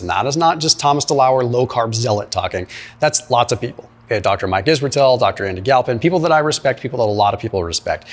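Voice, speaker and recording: A man giving energetic nutrition commentary, explaining at length and often checking in with "right?" and "okay?". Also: medium pitch. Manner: emphatic, explanatory, peppers speech with "right?" and "like". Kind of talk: commentary reacting to a clip.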